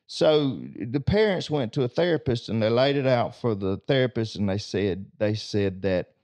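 A man's voice: mid-range voice, darkish tone. A man tells a homespun tale as a discussion-show co-host. His manner is folksy and plainspoken, and he doubles back on his words on the way to the lesson. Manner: folksy, repeats words while building to a point. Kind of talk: folksy storytelling with a moral.

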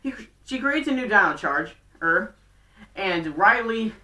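A woman with a bright, slightly sharp, medium-pitched voice chats animatedly through a casual fan recap of a show, rambling with lots of fillers and quick bursts of speech. The sound is roomy and distant, as though the mic were across the room.

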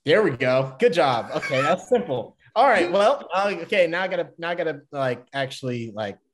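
A man's voice: fairly high pitch, big pitch swings, normal speed, noisy background. A man with a Southern US accent from Georgia, a podcast guest who chats in a rambling, self-laughing way. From Atlanta, Georgia. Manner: chatty, rambling, laughs at himself. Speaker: podcast guest, baseball player. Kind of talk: casual podcast chat.

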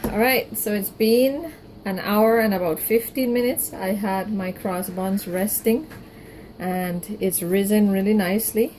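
Out of breath from kneading, a woman who bakes at home talks viewers through a recipe step by step, offering warm instructions, calm encouragement, and reassuring promises. Her mid-range voice is unhurried, mellow, and relaxed rather than bright. The recording from her home kitchen is rough, with a faint noise underneath.

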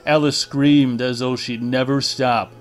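A man reading a horror novel aloud in a deliberate, dramatic narration style. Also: medium pitch, little pitch movement, faint music behind. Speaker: audiobook reader.

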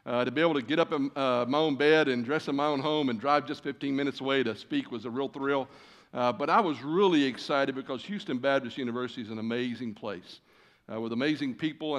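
A man's voice: medium pitch, quick pace. A man in his sixties preaching a sermon from a church stage, folksy and self-deprecating, with many "uh" fillers. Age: 60s. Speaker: guest preacher. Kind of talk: sermon with storytelling. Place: church stage before a large congregation.

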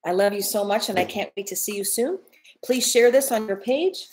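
A woman's voice: mid-range voice, normal speed, darkish tone, breathy edge, low-quality recording. A woman pastor and evangelist leading a fervent prayer, declaring and proclaiming in repeated phrases. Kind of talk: fervent sermon prayer to viewers. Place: church online broadcast.

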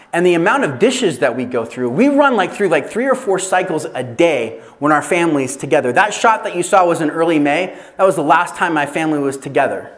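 A man preaching a sermon as a pastor, telling animated stories with laughter and self-deprecating asides. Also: on the high side. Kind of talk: sermon at an evangelism training.

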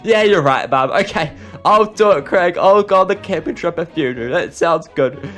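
A young man, excitable and chatty, hosting an improvised game role-play. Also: sits high, normal speed. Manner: excitable, chatty, lots of laughs. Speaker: video host. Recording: faint music behind.

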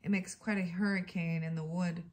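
A woman reading the lines of a curious young girl from a storybook, in a soft read-aloud voice. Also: on the low side, fairly even intonation, normal speed, natural voice. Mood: wondering.

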